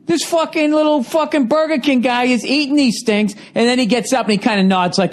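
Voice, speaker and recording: A man's voice: extremely high pitch, a little fast, hardly any pauses. A man in his forties from the United States, a comedian podcast host, delivering a rambling, sarcastic, profanity-heavy comedic rant. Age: 40s. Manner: sarcastic, rambling, swears constantly.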